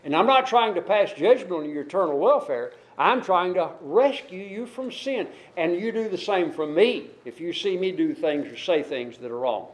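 A man's voice: high-pitched, animated, moderate pace, hardly any pauses, rough recording. A man preaching a sermon to his congregation, earnestly quoting and explaining scripture. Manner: earnest, scripture-quoting, rising and falling emphasis.

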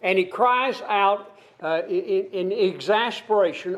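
A man's voice: high-pitched, a little slow, lo-fi sound. A man preaching an expository sermon, reading scripture aloud and explaining it verse by verse, asking his listeners questions. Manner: asks the congregation questions.

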